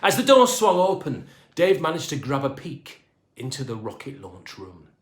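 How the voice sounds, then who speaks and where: A man narrating a children's storybook in an expressive, playful manner. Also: mid-range voice, normal speed. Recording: echoey room.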